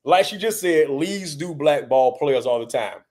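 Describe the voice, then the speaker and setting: A man's voice: on the high side, lively intonation, moderate pace, a little mellow. A man co-hosting a sports talk stream, trying to mediate and stammering on his starts. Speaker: co-host.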